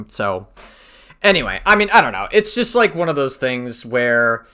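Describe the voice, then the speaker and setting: A man's voice: medium pitch, big pitch swings, normal speed, bright, forceful tone, clear, resonant tone. A man giving heated reaction commentary on a debate, swearing freely and mocking his opponent.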